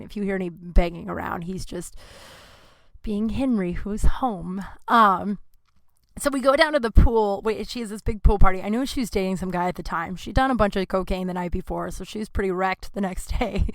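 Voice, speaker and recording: Woman podcast host, bright high voice, dry close sound, swears a lot, rambling storytelling. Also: no echo. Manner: profane, rambling, animated. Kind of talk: casual storytelling.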